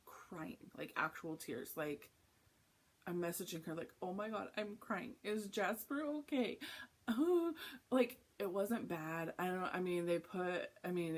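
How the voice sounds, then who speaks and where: At home in the early morning, a young flosstube vlogger rambles casually through a story on her cross-stitch channel, wandering into lots of asides. She speaks with a fairly low, slightly mellow voice.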